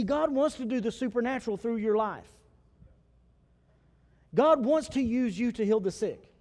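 A man preaching a sermon as pastor, animated and acting out the voices of the people he quotes. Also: sits high, big-room sound. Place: church sanctuary.

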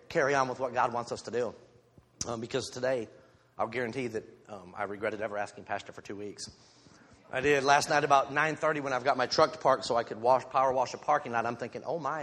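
A man's voice: medium pitch, steady tone, quick pace, a bit bright, breathy edge. A man giving an informal church sermon to his congregation on a handheld microphone, candid and self-deprecating, with joking asides. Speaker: lay preacher. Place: church sanctuary. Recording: long hall reverb.

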